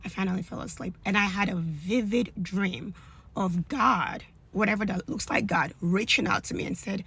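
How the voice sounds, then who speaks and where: A woman's voice: mid-range voice, normal speed, fairly bright tone, husky. A woman telling an emotional personal faith testimony in an earnest, conversational way. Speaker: storyteller giving a faith testimony.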